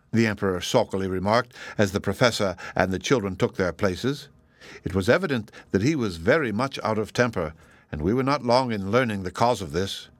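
A man narrating a story in a measured audiobook reading. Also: dry recording. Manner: measured storytelling with lively pitch.

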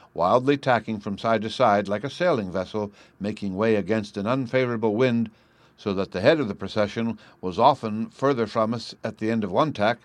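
A man reading a classic novel aloud as narrator, in a measured storytelling manner. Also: lowish voice, dry recording.

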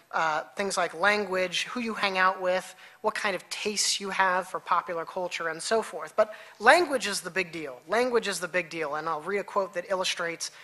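A woman researcher delivers an academic conference talk in a bright, clear voice at an ordinary middle pitch. She explains her points in a measured, deliberate way and sometimes stops to correct herself before carrying on. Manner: measured, explanatory lecturing with occasional self-corrections.

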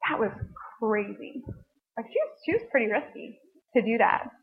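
A woman teaching a Bible passage in a relaxed, conversational way, often dropping in "like" as she talks to a group of students. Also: on the high side, moderate pace, husky. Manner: conversational, frequent "like" asides. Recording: band-limited phone-like sound.

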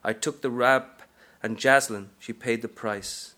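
A man's voice: medium pitch, steady tone, a little slow, pushed and bright. A man reading aloud from a novel, narrating as a brash, streetwise aging woman hustler in a sassy first-person style. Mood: bleak.

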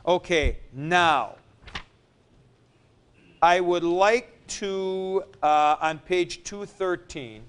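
A man teaching a Greek grammar lesson in a classroom, spelling out word forms deliberately, syllable by syllable. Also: sits high, a bit bright, clean tone. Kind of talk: classroom lecture.

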